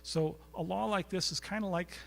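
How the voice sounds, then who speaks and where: Man, storytelling lecture, chatty, anecdotal, fairly high voice, college recital hall. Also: fairly even intonation, normal speed, gravelly, a bit bright, a little hiss or hum. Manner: chatty, anecdotal, quizzes the audience. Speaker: guest speaker. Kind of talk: storytelling lecture to a live audience.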